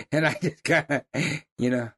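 An older man, telling hunting stories in a folksy, animated way. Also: mid-range voice, a little fast. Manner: folksy, animated storyteller who laughs at his own stories. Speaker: lion hunting guide. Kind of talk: casual storytelling.

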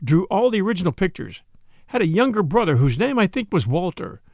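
A man narrating a memoir on a podcast in a measured, expressive storytelling manner. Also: sits high, no room sound, clean studio sound. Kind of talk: audiobook reading of a memoir.

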